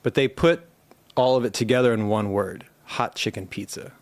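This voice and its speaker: Man pitching jokes, dry close sound. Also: normal speed, no room sound. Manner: pitches joke ideas and tells stories in a relaxed way. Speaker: podcast host. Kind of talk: casual chat.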